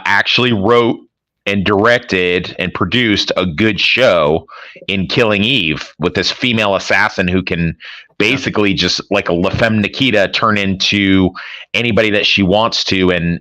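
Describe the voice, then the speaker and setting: A man's voice: low-pitched, bright, forceful tone, no echo. A man co-hosting a casual movie review podcast, from the American Midwest, blunt and opinionated and swearing freely. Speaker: podcast co-host.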